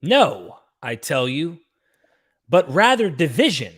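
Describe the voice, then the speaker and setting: A man reading a scripture passage aloud in a dramatic, oratorical way with pauses. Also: on the high side, sing-song, fairly bright tone, slightly rough.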